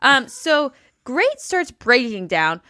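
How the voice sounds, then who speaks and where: A woman's voice: sits high, takes it slowly, dry recording, clean studio sound. A woman co-hosting a podcast, chatting casually and acting out what the cast said. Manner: animated, acts out quotes of the cast. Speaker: podcast co-host. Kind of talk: casual chat recapping a reality show.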